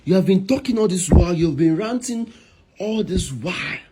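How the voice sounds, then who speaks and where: A young man with a Nigerian accent, angrily scolding and shouting in a Nollywood drama scene. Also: sits high, lively intonation, normal speed, slight background noise. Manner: angry, scolding, repetitive. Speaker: actor.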